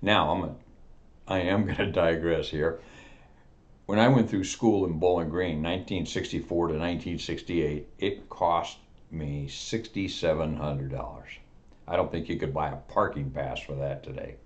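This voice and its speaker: A man in his seventies telling a long joke in a relaxed, folksy, rambling way. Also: low-pitched, moderate pace. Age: 70s. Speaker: storyteller. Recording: dull lo-fi recording.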